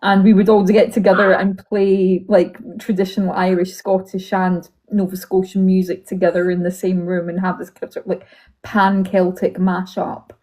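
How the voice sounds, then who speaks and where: Mellow-voiced hesitant woman on a call. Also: mid-range voice, little pitch movement, normal speed, rough recording. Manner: hesitant, lots of fillers and soft laughs. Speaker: guest. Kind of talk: casual online chat.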